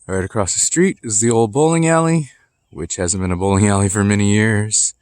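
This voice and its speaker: A man in his forties talks into a phone camera as he walks outdoors through his neighborhood. His voice sits a little low, and he rambles in an easy, nostalgic way full of "uh"s and side remarks. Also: brisk, a little mellow, smooth, no echo. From Texas. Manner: rambling, nostalgic and chatty with many fillers. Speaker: vlogger. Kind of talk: casual walking vlog. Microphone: phone camera held while walking.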